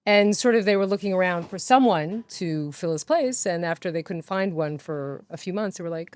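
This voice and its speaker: A woman's voice: fairly low pitch, expressive, moderate pace, few pauses, a little mellow, dry recording. A woman, a news anchor and guest, speaking in a hesitant, wry, self-deprecating way. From Israel. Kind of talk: interview conversation.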